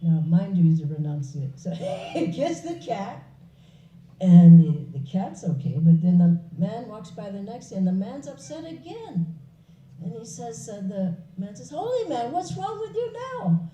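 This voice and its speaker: A woman giving a public spiritual talk, an animated storyteller who laughs along with her own story. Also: medium pitch, a little slow. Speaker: spiritual speaker. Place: hall. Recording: echoey hall, distant, dull.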